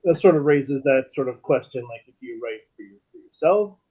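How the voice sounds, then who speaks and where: A man with a husky, slightly breathy voice muses aloud on a podcast, turning ideas into questions. His pitch is mid-range. The audio sounds dull and lo-fi. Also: expressive, brisk. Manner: reflective, questioning. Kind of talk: casual chat.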